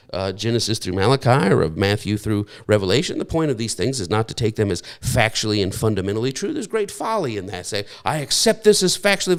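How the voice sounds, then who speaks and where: A middle-aged man preaching a sermon in an earnest, repetitive way, often stammering and restarting his phrases. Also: medium pitch. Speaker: pastor.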